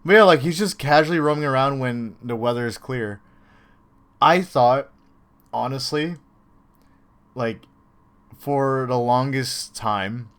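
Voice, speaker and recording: Male reaction host, casual and rambling, gets excited, mid-pitched voice. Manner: rambling, excited, many fillers.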